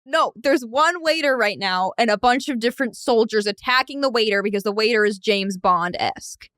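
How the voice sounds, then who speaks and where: A woman's voice: a little high, dry recording, clean studio sound. A woman guest in a casual podcast chat, telling a made-up scene with playful sound effects and explaining it over and over. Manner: animated storyteller, makes sound effects, quick to explain.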